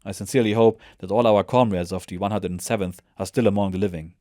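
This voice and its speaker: A man voicing a calm veteran soldier who speaks matter-of-factly with light mockery. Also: fairly low pitch, quick pace, no room sound, studio quality, close to an everyday voice. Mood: wry.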